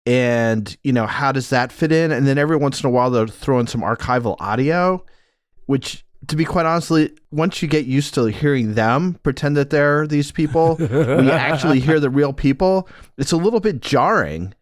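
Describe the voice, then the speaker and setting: Male podcast co-host, mid-pitched, musing and reflective, dry close mic. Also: animated, normal speed, no echo. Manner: thoughtful, rambling, many "like"s. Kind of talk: casual review chat.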